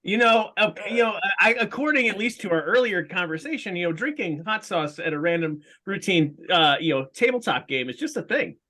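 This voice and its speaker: Male tabletop player, high and bright, rambling casual chat. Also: animated, fairly quick, hardly any pauses. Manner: rambling, with many fillers.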